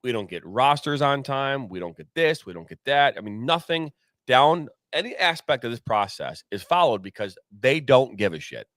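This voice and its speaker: A man's voice: medium pitch, animated, normal speed, a bit bright, dry recording, studio quality. A man co-hosting a soccer podcast, ranting candidly with frequent swearing and rambling restarts. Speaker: soccer commentator and podcast co-host. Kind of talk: candid opinionated podcast rant.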